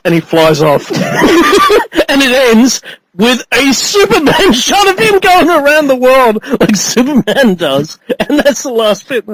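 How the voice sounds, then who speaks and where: A man's voice: sits high, expressive, moderate pace, fairly bright tone, dry recording. A man casually reviewing a movie with a co-host, rambling, laughing often and acting out characters. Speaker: podcast co-host. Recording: noisy amateur podcast recording.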